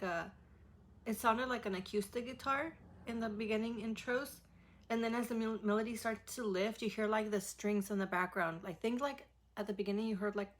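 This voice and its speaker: A woman giving a casual music reaction, gushing and rambling with many fillers. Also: mid-range voice. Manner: gushing, rambling, heavy use of "like". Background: faint song playing.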